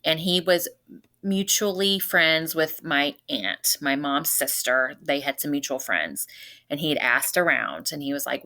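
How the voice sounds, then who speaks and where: Podcast guest, woman, 40s, from North Louisiana; low-pitched, bright-edged delivery, earnest storyteller. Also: animated, a little slow. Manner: earnest, retells events by quoting everyone's words. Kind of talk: personal storytelling in casual conversation.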